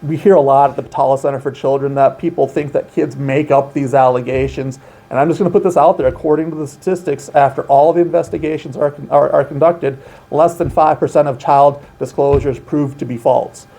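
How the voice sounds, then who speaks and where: A man's voice: medium pitch, fairly even intonation, a little fast, dark tone, slightly rough. A man working as an outreach coordinator, explaining child safety steps in an earnest, emphatic way during an interview. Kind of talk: informational interview.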